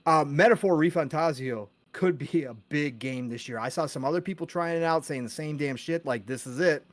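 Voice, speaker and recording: A man hosting a casual gaming podcast live stream, talking excitedly and reading out chat names with quick greetings and casual swearing. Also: fairly high pitch. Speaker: podcast host.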